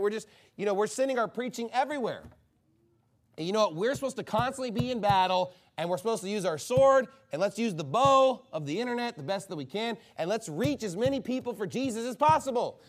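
A man preaching a fiery, combative sermon from the pulpit. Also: sits high. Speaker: pastor.

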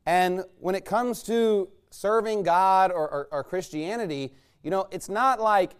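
With a high, smooth voice and a measured pace, this pastor barely pauses at all. He preaches a folksy, rambling sermon in a conversational manner, asking the congregation rhetorical questions as he goes.

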